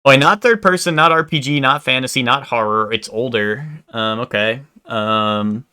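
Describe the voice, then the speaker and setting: A man's voice: mid-range voice, normal speed, pushed and bright, smooth. A man live-streaming, chatting casually with his viewers in a rambling way, full of "like" and "um" and casual swearing.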